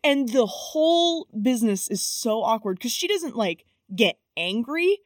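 A woman's voice: a little high, very animated, a little slow, no echo, studio quality. A woman co-hosting a podcast, recapping a movie with giggly enthusiasm. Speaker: podcast co-host. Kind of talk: casual movie-recap chat.

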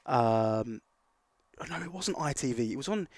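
A man co-hosts in a relaxed, teasing way, cutting in with quips. His pitch is middle. The recording is dry and close. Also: moderate pace, dry recording. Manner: teasing, chatty interjections. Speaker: podcast co-host. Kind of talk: casual chat, reading listener questions.

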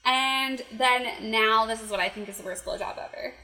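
Giggly, animated podcast co-host, woman, high voice in an echoey room. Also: moderate pace. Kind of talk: casual chat.

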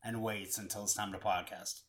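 A young man co-hosting a casual podcast, with a bright, ringing tone. He rambles through stories and acts out the voices of the people in them. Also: fairly low pitch, brisk. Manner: rambling, animated storytelling, acting out voices. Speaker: podcast co-host. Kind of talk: casual storytelling chat.

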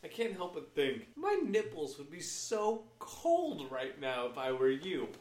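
Male co-host, crude humor, lively pitch, echoey room. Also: a little slow. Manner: crude, joking. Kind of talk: casual podcast banter. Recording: roomy echo.

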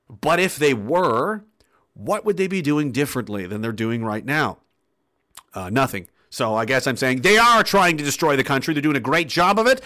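Angry high-pitched ranting man. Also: sharp tone. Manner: angry, swearing, sarcastic mock quotes. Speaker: political commentary streamer. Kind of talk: ranting livestream commentary.

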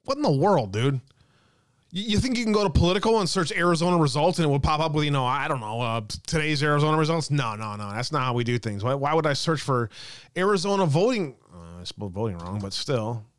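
A man's voice: fairly high pitch, expressive, quick pace, dry recording, studio quality. A man hosting a live stream, chatting casually, reading out viewer messages and laughing often. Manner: chatty, reads chat aloud, laughs often.

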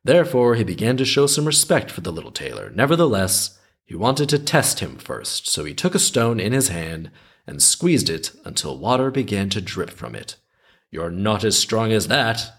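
Reading a folk tale on his storytelling podcast, this man speaks at normal speed in a low-ish, very animated voice with a breathy edge. He keeps interrupting the story with wry, skeptical, rambling commentary.

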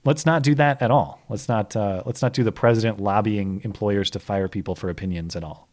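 A man co-hosting a casual political chat podcast, talking in a measured, hedging way that invites being proven wrong. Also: lowish voice. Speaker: podcast co-host.

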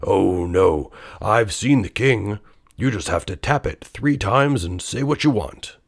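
A man's voice: lowish voice, lively intonation, unhurried, vocal fry, no room sound, studio quality, exaggerated voice. A man voicing a chatty, proud male castle guard in a storybook, eager and indignant. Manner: eager, indignant, a bit boastful.

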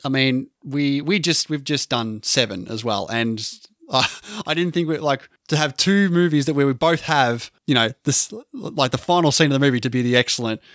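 A male podcast co-host talks casually about films, explaining scenes at length in a rambling, chatty way and showing a fondness for trivia. His mid-range voice has a fairly bright tone at normal speed, in studio quality with no echo.

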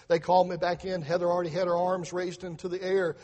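A man's voice: high voice, flat delivery, fast, a little mellow, in a large hall. A middle-aged man preaching a testimony sermon, earnestly telling a story with repeated words and acted-out voices.

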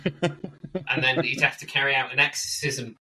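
A man's voice: mid-range voice, moderate pace, pushed and bright, far from the mic, low-quality recording. A man co-hosting a wine podcast, chatting in casual banter and joking around with playful silly voices.

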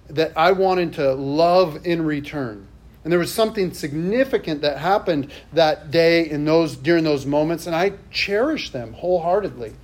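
A man's voice: fairly high pitch, a little mellow. A middle-aged male pastor giving a sermon in a church, telling a personal story in a conversational way with self-deprecating asides.

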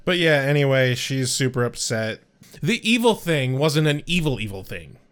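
A man co-hosting a casual podcast that recaps a TV episode. He reacts expressively, with quick laughs and exclamations. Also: medium pitch, sing-song, fairly bright tone, clean tone. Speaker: podcast co-host.

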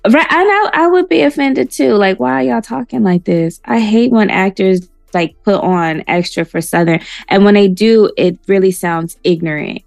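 A woman's voice: medium pitch, normal speed, creaky, hardly any pauses, darkish tone, dry recording, studio quality, soft background music. A woman co-hosting a podcast, chatting expressively and laughing. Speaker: podcast co-host. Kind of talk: casual chat.

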